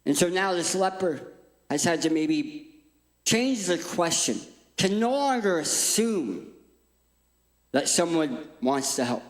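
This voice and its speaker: A man preaching an interactive sermon on stage, playful and energetic as he directs a volunteer. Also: on the high side, slow pace, long pauses. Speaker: guest speaker. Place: large church hall. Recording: echoey church hall.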